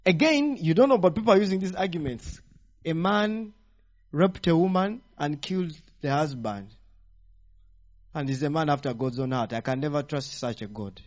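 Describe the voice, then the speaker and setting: A man preaching a teaching sermon, animated and firing rhetorical questions at the congregation. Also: on the high side, normal speed. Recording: dull lo-fi sound.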